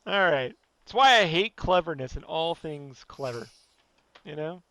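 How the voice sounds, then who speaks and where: A man's voice: on the high side, animated, unhurried, bright, forceful tone. A man hosting a podcast, ranting in a blunt, profane, rambling way and leaning on "you know" constantly. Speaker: podcast host. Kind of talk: casual podcast rant.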